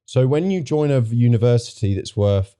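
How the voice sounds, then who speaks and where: A man's voice: medium pitch, animated, fairly quick, dark tone, smooth. A man appearing as a podcast guest, making his points emphatically, opinionated and given to repeating himself. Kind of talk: casual podcast chat.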